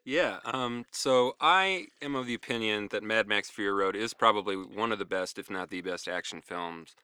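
A man's voice: on the low side, normal speed, sharp tone, clear, resonant tone, no echo, studio quality. A man co-hosting a podcast in casual chat, giving enthusiastic opinions with self-deprecating asides. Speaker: podcast co-host.

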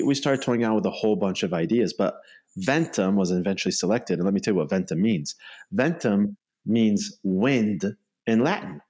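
A man with a lowish, somewhat mellow voice speaks as a guest on a casual interview about the bike company he co-founded. He rambles in loose, extended runs, sprinkling in many "you know" and "right?" tags.

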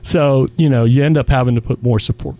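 Male guest, restaurant executive, warm low-key tone, lively storyteller who voices the people in his anecdotes. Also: a little fast. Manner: animated storyteller acting out quoted dialogue. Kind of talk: casual interview storytelling.

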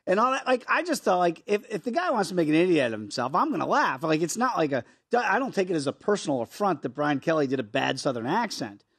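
A middle-aged man gives his betting take with emphatic, wry energy. His pitch swings widely and sits a bit high for a man. The sound is dry and close. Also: big pitch swings, quick pace, hardly any pauses, a bit bright, breathy edge, dry recording. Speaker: sports betting show co-host. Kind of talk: casual sports betting chat.

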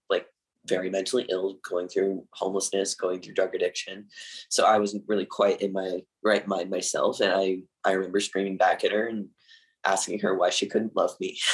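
Low-voiced young man telling his story. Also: low-quality recording. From Canada. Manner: candid, halting, many fillers, nervous laughs. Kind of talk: personal storytelling.

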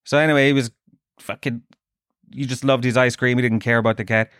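A man's voice: mid-range voice, fairly even intonation, fairly quick, a bit bright, smooth, no echo, studio quality. A middle-aged Irish man from Dublin hosting a podcast, telling self-mocking comic stories full of swearing. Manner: sweary, self-mocking storytelling with put-on voices. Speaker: podcast host. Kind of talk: comic monologue.

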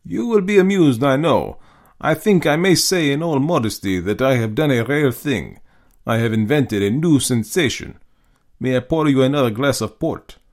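A man voicing a suave, menacing aristocratic hunter in a storybook reading, speaking slowly and courteously. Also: mid-range voice, animated, pitched above the performer's own voice, lightly acted. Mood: measured menace. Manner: slow, measured, courteous.

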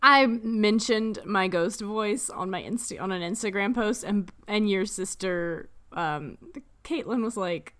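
A woman's voice: mid-range voice, measured pace, a bit bright. A woman co-hosting a podcast in casual chat, reading out research notes, playful and laughing often. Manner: laughs often, playful, does silly voices. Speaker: podcast co-host.

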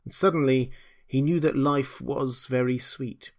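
A man narrating a classic novel as an audiobook, in a measured, dramatic storytelling manner. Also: medium pitch, steady tone, a little mellow.

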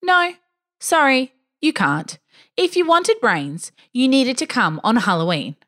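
A woman's voice: high-pitched, very animated, slow pace, sharp tone, pitched above the performer's own voice, heavily acted. A woman voicing a bossy, fearless eleven-year-old girl who talks in a firm, matter-of-fact way in a storybook reading. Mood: patient.

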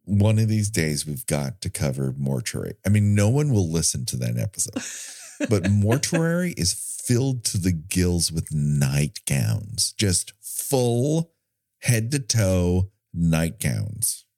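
A man's voice: low voice, slow pace, no room sound, studio quality. A man from California co-hosting a casual movie commentary podcast, joking and sarcastic. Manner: joking, animated, sarcastic asides. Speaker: podcast co-host.

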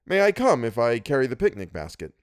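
A man reading an audiobook, voicing a charming, flippant young gentleman with gallant, mock-theatrical speech. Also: mid-range voice, wildly swooping pitch, fairly quick, clean tone, no echo, studio quality.

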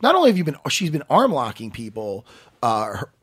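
Male podcast host, excitable and joking, lively pitch, a bit raspy. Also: a little fast. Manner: playful, excitable, talks through martial arts technique. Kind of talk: casual podcast chat.

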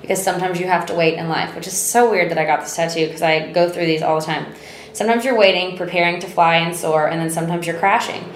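A woman, chatting as a co-host, expressive and full of "like". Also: on the low side, quick pace. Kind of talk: casual chat. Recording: roomy echo, faint noise.

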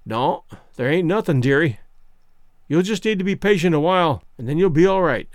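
A gaunt, dying frontiersman in a storybook, tender and worn, drawling in a rough backcountry way, as a narrator puts him on. The voice sits high and swings about a lot, recorded dry and close. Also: expressive, normal speed, no echo, close to an everyday voice. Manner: rustic dialect, tired.

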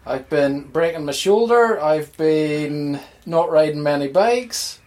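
Dry-witted Northern Irish guest. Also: male voice, a little high, expressive, takes it slowly, a little mellow. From Northern Ireland. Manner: dry, wisecracking. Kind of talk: casual chat.

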